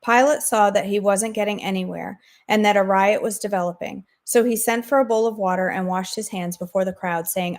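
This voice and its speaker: A woman hosting a daily devotional, reading scripture aloud in a steady, measured way. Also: mid-range voice. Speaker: devotional host.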